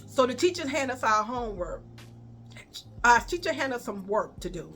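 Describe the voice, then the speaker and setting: Brief: Chicago woman, high voice, animated, swearing storyteller, faint music behind. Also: moderate pace. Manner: animated, profane, addresses viewers as y'all. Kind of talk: storytime vlog.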